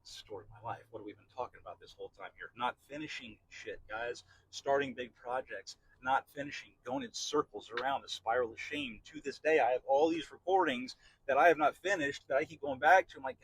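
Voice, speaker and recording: A man's voice: mid-range voice, animated, a little fast, few pauses, fairly bright tone, slight background noise, poor audio. A middle-aged man hosting a podcast, talking through a candid personal monologue in a rambling, repetitive way with frequent swearing. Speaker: podcast host.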